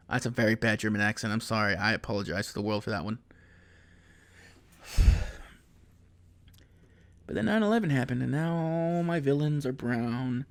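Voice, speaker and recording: A man's voice: mid-range voice, lively intonation, normal speed, pauses often, no echo. A man in his thirties, a podcast host rambling through a profane comedic monologue and laughing at his own jokes. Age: 30s.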